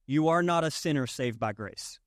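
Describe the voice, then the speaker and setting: A man's voice: a little high, expressive, normal speed, no echo, studio quality. A man preaching a sermon as pastor, conversational and emphatic, with rhetorical questions to the congregation. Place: church sanctuary.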